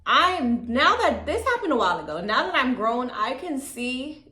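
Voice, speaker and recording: A young woman telling a casual storytime, chatty and candid, with a calm, low-key delivery and lots of "like" and "you know what I'm saying.". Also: normal speed, roomy sound. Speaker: vlogger.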